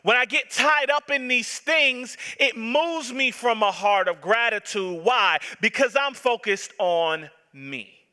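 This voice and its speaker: A man's voice: extremely high pitch, animated, slow, hardly any pauses, sharp tone. A man in his thirties, a pastor preaching a sermon with impassioned, emphatic repetition. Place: church sanctuary. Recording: long reverb of a large hall.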